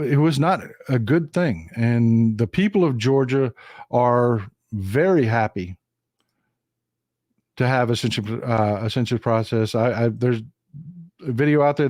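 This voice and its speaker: A man's voice: medium pitch, lively intonation, a little slow, a little mellow, dry recording, studio quality. A man with a Texan accent giving a casual political monologue on his live stream, emphatic and repetitive, often calling his viewers folks. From Texas.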